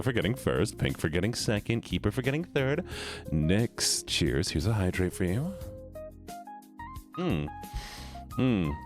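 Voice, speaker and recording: A man streaming, chatting casually and playfully greeting his chat by name. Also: lowish voice. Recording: faint background music. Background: faint music.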